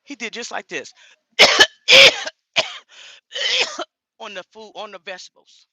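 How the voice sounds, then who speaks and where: A woman's voice: mid-range voice, steady tone, fast talker, sharp tone, no room sound. A woman talking straight to her viewers in a casual vlog, blunt and indignant. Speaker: vlogger.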